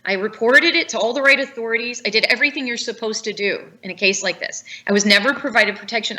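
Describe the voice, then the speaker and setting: A woman's voice: fairly high pitch, fast talker, hardly any pauses, pushed and bright. A woman guest telling her story in an interview, blunt and indignant, rambling from one grievance to the next. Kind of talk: emotional personal account.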